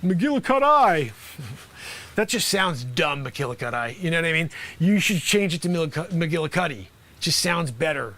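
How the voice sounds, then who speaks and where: A man acting out a brash high school basketball coach, bossy and rambling, who keeps breaking into shouts at his players. His voice sits high and bright for a man, with a sharp, forceful edge. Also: expressive, fairly quick. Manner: loud, bossy, rambling with asides. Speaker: improv comedian host. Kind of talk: improv comedy sketch.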